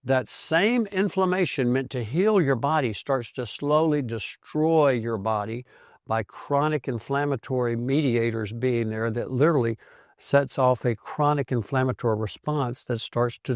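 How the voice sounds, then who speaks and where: An older man, a physician, tells his own health story in a lively, conversational way. He drops into the voices of people he quotes, and his voice sits at a middle pitch. The sound is close and dry, with almost no room around it. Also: no echo. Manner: animated storyteller who acts out quoted voices. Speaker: physician host.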